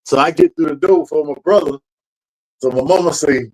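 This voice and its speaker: A man who tells a family story in casual chat. He talks loose and full of slang and swearing, and his voice sits a little high for a man. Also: fairly quick, rough recording. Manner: animated storyteller with slang and profanity. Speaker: podcast co-host.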